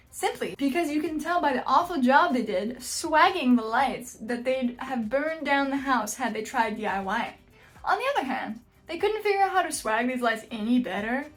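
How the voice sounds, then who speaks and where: A woman's voice: high voice, a bit bright. A woman hosting a casual reaction video, blunt and joking, with frequent exclamations. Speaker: YouTube host reacting to house listings.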